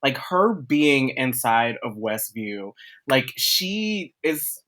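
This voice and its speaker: A man with a mid-pitched voice, breaking a show down thoughtfully on a casual podcast. Light laughter runs through his points. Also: lively intonation, slow pace, sharp tone. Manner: thoughtful, analytical, laughs often. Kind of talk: casual pop-culture chat.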